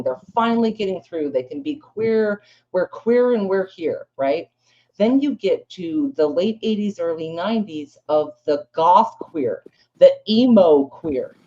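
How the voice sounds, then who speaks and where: A woman's voice: on the low side, expressive, measured pace, dark tone, muffled recording. A woman speaking on a live panel, telling a rambling story in blunt, casual talk full of swearing. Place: live panel room with audience.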